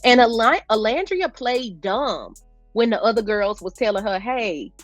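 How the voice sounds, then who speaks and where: A woman's voice: a little high, animated, moderate pace, no room sound, faint music behind. A woman vlogger giving a casual, chatty recap of a reality show, talking straight to her viewers with informal slang. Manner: chatty, addresses viewers as "y'all".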